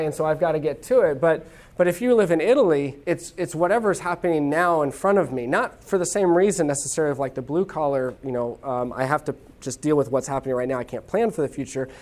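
A lecturer from the United States, giving an informal classroom talk in a chatty way, with quick asides and checks like "okay?". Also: mid-range voice, a little mellow.

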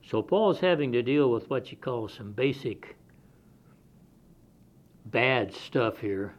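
A man's voice: mid-range voice, expressive, slow, pauses often. A man preaching an expository sermon, reading scripture aloud and explaining it in a conversational, plain-spoken way. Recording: dull lo-fi sermon recording.

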